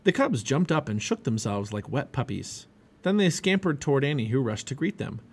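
A man reading a children's chapter book aloud as a parent, animated and expressive. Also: mid-range voice, normal speed, husky. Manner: animated, expressive reading with many character voices. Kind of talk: storybook read-aloud.

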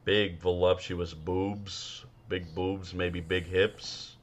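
A man co-hosting a podcast, talking in crude casual banter that trails off and mumbles, now and then jumping into high mocking voices. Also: little pitch movement, extremely slow, a little hiss or hum. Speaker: podcast co-host. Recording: dull lo-fi sound.

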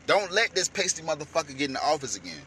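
A man delivering a heated, profane rant as a vlogger, shouting at times. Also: a little high, sing-song, fast talker, a little hiss or hum. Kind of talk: heated ranting commentary.

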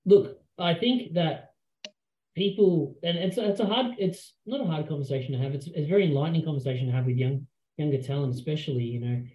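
A man's voice: fairly high pitch, a little fast, warm tone. A man, a wrestling promoter, giving an earnest interview answer and thinking aloud. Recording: roomy, dull remote audio.

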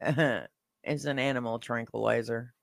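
A woman's voice: extremely low pitch, steady tone, normal speed, vocal fry, no echo, clean studio sound. A woman co-hosting a podcast, teasing and laughing easily in casual banter. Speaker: podcast co-host.

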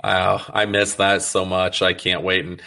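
A man hosts a relaxed interview, talking with easy enthusiasm and sprinkling his speech with "like". His voice sits somewhat low. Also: measured pace, creaky. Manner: chatty, enthusiastic, fillers like "like". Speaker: interview host. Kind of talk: casual interview chat.

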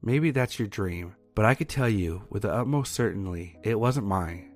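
A man with a fairly low voice reads a first-person horror story in a steady, measured way. Soft music plays faintly under his scripted narration.

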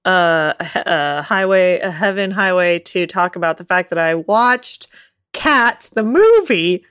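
Woman co-host, giggly and animated, dry close recording. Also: fairly low pitch, measured pace, clean tone, dry recording. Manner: giggly, animated, swears freely. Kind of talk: casual chat.

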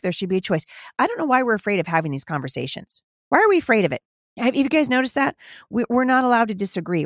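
A woman in her forties hosts a podcast from her home studio, delivering an emphatic, opinionated monologue. Her voice sits at an ordinary middle pitch. The sound is dry and close, with no room echo. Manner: emphatic, repeats slogans, addresses listeners as "you guys". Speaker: podcast host. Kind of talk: opinionated podcast monologue answering listener questions.

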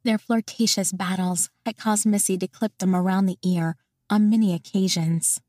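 A woman narrating a romance novel in an even, intimate storytelling voice. She sits in the middle range for a woman, recorded close and dry with no room sound. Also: medium pitch, moderate pace, no room sound. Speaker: audiobook narrator.

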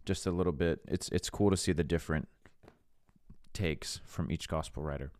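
A man's voice: rumbling low, moderate pace, darkish tone, clear, resonant tone, no room sound. A man preaching in a casual, earnest way as a podcast host, reading scripture and talking it through. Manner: earnest, conversational, slips into voicing skeptics. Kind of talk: casual sermon-style teaching.

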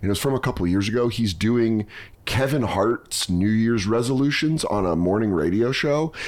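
A man in his thirties hosting a podcast in casual chat, loose and profane, breaking into laughter and quick impressions. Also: on the low side, animated, a little mellow. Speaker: podcast host.

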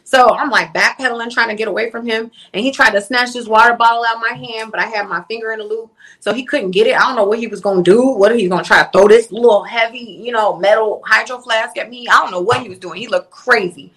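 Young woman, interview guest, bright voice, blunt and profane storyteller. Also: on the high side, quick pace, few pauses. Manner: candid, profane, animated retelling. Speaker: interview guest, livestream influencer. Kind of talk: casual storytelling.

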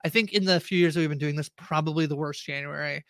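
Male podcast co-host, high bright voice, dry close sound, rambling casual movie talk. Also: fairly even intonation, clear, resonant tone, no echo. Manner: rambling, quick to laugh, lists names.

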